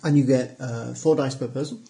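Game master guy, gravelly voice, chatty, stops and starts. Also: medium pitch, steady tone, dark tone, a little hiss or hum. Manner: chatty, laughing, halting with fillers. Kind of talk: narrating a tabletop game.

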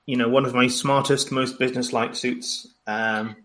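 A man's voice: mid-range voice, steady tone, normal speed, a bit bright. A man playing in a tabletop role-playing game, chatting in a laid-back, joking way. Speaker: player. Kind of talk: casual tabletop game talk.

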